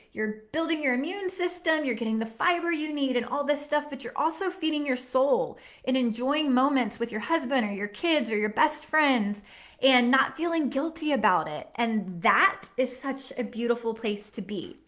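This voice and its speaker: A woman's voice: fairly high pitch, fairly bright tone. A woman in her thirties hosting a nutrition workshop, talking in an earnest, heartfelt and chatty way with plenty of fillers. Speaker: workshop host and nutrition coach. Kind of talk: encouraging live workshop talk.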